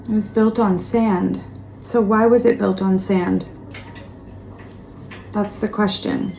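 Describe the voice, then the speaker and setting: A woman giving a tarot reading straight to the viewer, talking gently and reassuringly and repeating words for emphasis. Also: mid-range voice, fairly even intonation, slow, creaky. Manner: speaks of spiritual guidance. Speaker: tarot reader. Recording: roomy echo, faint background noise.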